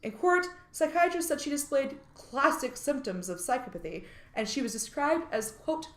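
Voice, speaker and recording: High-voiced woman telling a true crime story, voice jumps all over, bit of room echo. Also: lively intonation, normal speed. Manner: reads case details, then jokes and swears. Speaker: podcast co-host. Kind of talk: true crime podcast chat.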